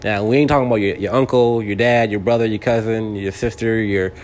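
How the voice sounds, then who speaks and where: A man's voice: on the low side, fairly even intonation, a little fast, darkish tone, a little hiss or hum. A man in his forties from California, hosting a casual monologue, speaking straight to the listener and often repeating and restarting his words. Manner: talks straight to the listener, seeking agreement. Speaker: podcast host.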